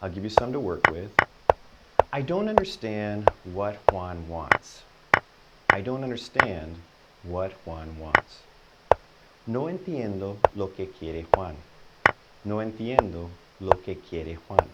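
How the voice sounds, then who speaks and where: A man teaching a Spanish lesson, patiently explaining and repeating each example sentence slowly and encouragingly. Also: low voice, lively intonation, very noisy.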